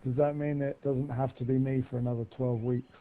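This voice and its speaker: A man's voice: mid-range voice, flat delivery, fairly quick, phone-quality sound, a little hiss or hum. A man in the game lobby chatting and joking, laughing a lot. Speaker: player in the lobby. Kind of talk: casual party chat.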